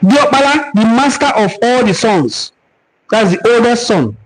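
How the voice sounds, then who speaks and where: A man with a very high voice and big pitch swings speaks in an unhurried way, heard over poor audio. He has a Nigerian accent and hosts a live-stream cultural forum, teaching and responding to viewer comments earnestly, like a preacher, with repeated words for emphasis.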